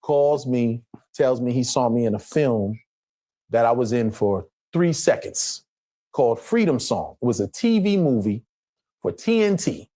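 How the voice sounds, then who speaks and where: A middle-aged man from Los Angeles, a guest actor, telling animated stories on a panel show and slipping into other people's lines. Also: mid-range voice, a little slow.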